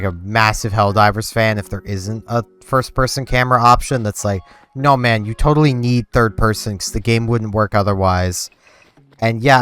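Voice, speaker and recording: A smooth, low-voiced young man hosts his gaming channel, chatting in a relaxed, rambling way and saying "like" a lot. Faint game music runs in the background as he plays.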